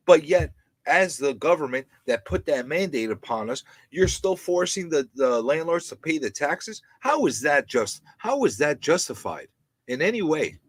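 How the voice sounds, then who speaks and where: Animated, indignant New man ranting. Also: fairly high pitch, moderate pace, no echo, poor audio. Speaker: live stream host. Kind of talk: ranting live stream commentary.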